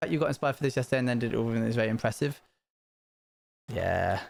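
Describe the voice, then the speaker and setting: A man streaming a building game live, chatting casually to his viewers and breaking into panicked high-pitched bursts when something goes wrong. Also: expressive, fast talker, gravelly.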